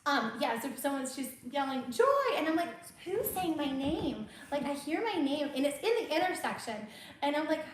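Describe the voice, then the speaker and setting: High-voiced chatty woman, echoey room. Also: a little fast. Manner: chatty, laughing storyteller. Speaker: host. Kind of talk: casual chat. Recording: very echoey room, faint noise.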